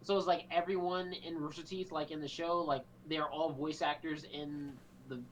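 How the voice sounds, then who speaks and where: A man's voice: on the high side, flat delivery, moderate pace, a little hiss or hum, low-quality recording. A man talking as a guest on a podcast, hesitant and full of fillers and restarts in casual chat.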